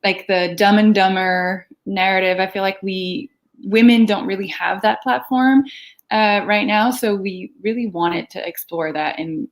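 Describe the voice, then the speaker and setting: A woman filmmaker chatting in an interview over a video call, laughing often and filling pauses with ums. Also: medium pitch, fairly even intonation. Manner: giggly, lots of ums and laughs. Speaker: filmmaker guest. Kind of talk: casual interview chat.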